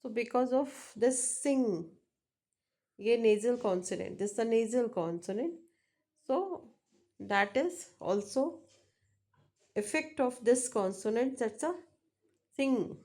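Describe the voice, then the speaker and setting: Slow-speaking woman teaching phonetics. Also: fairly high pitch, expressive, warm tone. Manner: slow, halting, repeats example words many times. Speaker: English teacher. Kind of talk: phonetics lesson explaining examples.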